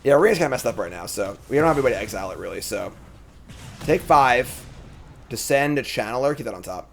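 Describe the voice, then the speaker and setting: A man's voice: medium pitch, expressive, fast, creaky, slight background noise. A man streaming a card game, thinking aloud in casual commentary and trailing off with fillers.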